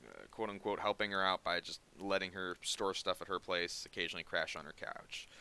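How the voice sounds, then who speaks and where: A man's voice: low voice, steady tone, fairly quick, pushed and bright, smooth. A man hosting a podcast, telling a long story in a rambling way, often restarting his sentences. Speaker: podcast host. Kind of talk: casual podcast chat.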